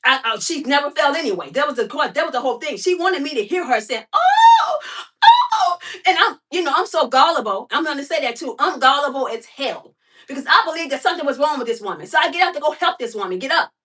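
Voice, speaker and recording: A middle-aged woman vlogger telling a story in a casual, animated way, repeating herself and acting out quotes. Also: high voice, fast, recorded from a distance.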